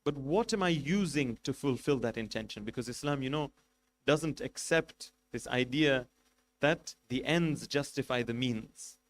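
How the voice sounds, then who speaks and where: A man's voice: mid-range voice, a little slow, slight background noise. A man giving a religious lecture as a sheikh, making numbered points and asking rhetorical questions with emphasis. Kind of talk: sermon.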